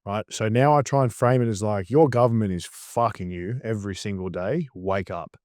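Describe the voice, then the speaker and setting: A man's voice: lowish voice, moderate pace, a little mellow, no echo, clean studio sound. An Australian man, a guest, talking bluntly and swearing freely in a casual interview.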